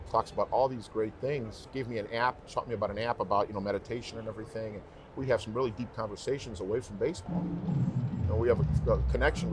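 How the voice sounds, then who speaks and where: Male singer as interview guest, low-voiced, emphatic rambling storyteller, faint noise. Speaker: professional singer, podcast guest. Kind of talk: casual interview talk.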